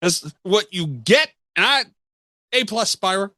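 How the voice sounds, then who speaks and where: A male podcast host with a fairly high, very lively voice that swoops up when he teases. He talks in casual, animated banter and is quick to laugh. The sound is dry and close. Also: dry recording.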